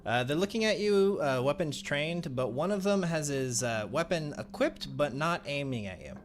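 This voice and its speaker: A man's voice: on the high side, lively intonation, normal speed. A man running an online tabletop game as game master, casual and laughing, swearing now and then.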